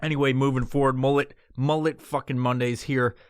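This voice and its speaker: A man's voice: mid-range voice, little pitch movement, brisk, smooth, no echo. A man from New York hosting his own podcast alone in a studio. He talks in a put-on tough-guy tone and swears constantly. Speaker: podcast host. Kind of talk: solo podcast monologue.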